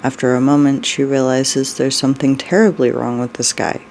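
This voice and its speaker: A storyteller reading a dark story aloud, unhurried, with brief personal asides. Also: mid-range voice, little pitch movement, vocal fry, slight background noise, low-quality recording.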